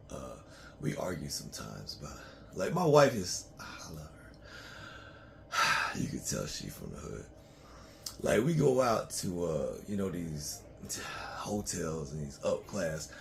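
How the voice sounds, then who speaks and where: A man's voice: extremely low pitch, vocal fry, a little hiss or hum. A man talking casually in a loose, profane, rambling monologue to his own channel, often breaking into laughs. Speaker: vlogger.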